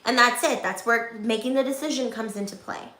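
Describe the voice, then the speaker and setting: A young woman with a bright, fairly high voice gives her viewers upbeat, encouraging advice, almost preaching. The sound is echoey, like a bare room. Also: fairly quick. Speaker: vlogger. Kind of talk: motivational vlog talk.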